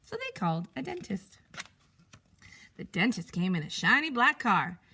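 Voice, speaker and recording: A teacher reading a picture book aloud to young pupils, expressive and animated. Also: female voice, mid-range voice, normal speed, creaky, breathy edge.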